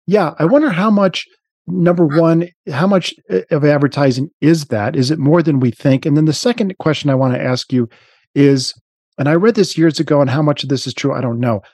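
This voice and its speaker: A man chats casually on a podcast in a mellow, relaxed voice. He rambles and restarts his sentences often, and the recording is dry and close. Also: fairly high pitch, fairly quick, breathy edge, dry recording. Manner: rambling, frequent restarts and fillers. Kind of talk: casual chat.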